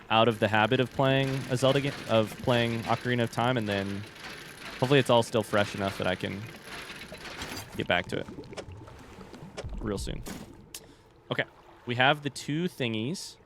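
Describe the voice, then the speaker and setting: A man's voice: lowish voice, background noise. Chatty male streamer, rambling live talk. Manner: rambling, chatty, addresses chat directly. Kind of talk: casual livestream chat while gaming.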